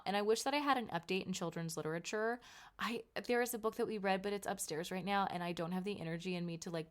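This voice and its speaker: A woman's voice: on the low side, a bit bright. A woman in her thirties hosting a casual solo podcast, chatty and emphatic, sounding sleepy and tired. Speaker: podcast host and author.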